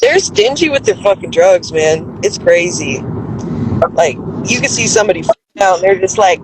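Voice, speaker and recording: A woman fresh from surgery, drowsy from sedation, telling her story in animated casual chat and swearing freely. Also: mid-range voice, normal speed, a little hiss or hum, low-quality recording. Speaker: patient home from surgery. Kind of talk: casual chat on a live call.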